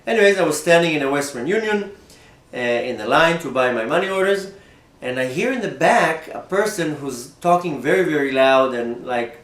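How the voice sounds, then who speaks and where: A rabbi telling a personal story in an animated way, often repeating and restarting his words. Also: on the high side, moderate pace, roomy sound. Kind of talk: storytelling talk.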